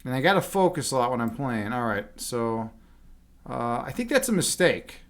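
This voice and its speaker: A chess instructor chats casually on a livestream, rambling and filling his speech with "like" and "you know." His medium-pitched voice swings widely in pitch at a moderate pace and gets loud at times.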